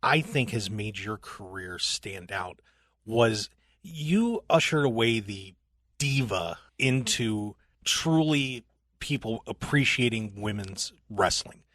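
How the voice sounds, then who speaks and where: A man hosting a radio talk show, asking a guest questions in a measured way. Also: fairly low pitch, lively intonation, fairly bright tone, no room sound, clean studio sound. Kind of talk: radio interview.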